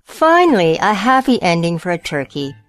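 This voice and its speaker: A woman's voice: sits low, music in the background. Woman reading storybooks aloud. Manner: slow expressive read-aloud. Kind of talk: reading picture books aloud.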